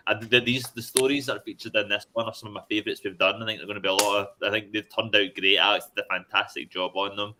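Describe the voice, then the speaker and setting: A man talking as a guest in a casual chat over a video call, relaxed and full of ums. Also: fairly low pitch, quick pace, hardly any pauses, background noise. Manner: relaxed, plain, with many ums. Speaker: guest comics writer.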